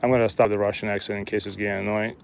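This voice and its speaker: A man's voice: lowish voice, little pitch movement, rapid-fire, gravelly. A man in his thirties chatting and joking casually to viewers while he live-streams a fishing trip outdoors. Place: outdoors by a lake.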